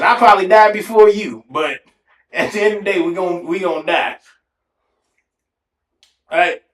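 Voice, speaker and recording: A man hosting a podcast alone, telling funny stories in a casual, animated way and swearing freely. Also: high-pitched. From Ohio, USA. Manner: animated, swears casually, breaks into exaggerated self-mocking. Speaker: podcast host. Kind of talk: casual solo storytelling. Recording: echoey room.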